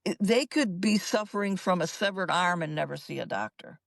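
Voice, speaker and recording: Older woman, gravelly voice, dry close mic, emphatic and earnest, podcast interview guest. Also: on the low side, lively intonation, brisk, no echo. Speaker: guest psychologist. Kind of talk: recounting her story in an interview.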